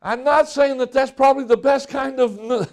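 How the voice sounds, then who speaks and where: A man's voice: extremely high pitch, fairly even intonation, normal speed. A man in his sixties preaching a sermon in a folksy storytelling way, often restarting his sentences. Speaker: pastor.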